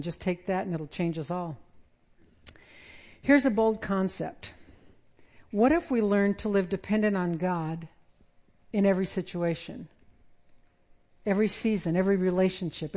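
Mellow-voiced woman preaching. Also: lowish voice. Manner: conversational, self-deprecating humor. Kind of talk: sermon.

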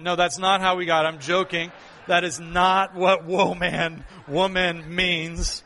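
A man preaches a sermon with a high, bright, ringing voice. He presses his points hard, repeats key lines for weight, and drops in the odd playful joke. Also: flat delivery, slow pace. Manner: emphatic, repeats key phrases, playful asides. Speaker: pastor.

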